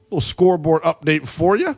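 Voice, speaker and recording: A man hosting a late-night college football radio show, talking in an animated, emphatic way with plenty of slang. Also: fairly high pitch, a little fast, slightly rough. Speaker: sports radio host.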